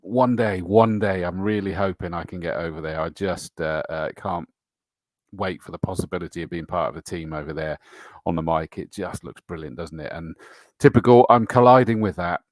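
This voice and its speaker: A man's voice: low-pitched, a little fast, no room sound. Chatty male livestream host. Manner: chatty and matey, frequent fillers and laughs. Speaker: host of a motorsport livestream show. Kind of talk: casual live-stream chat reading viewer comments.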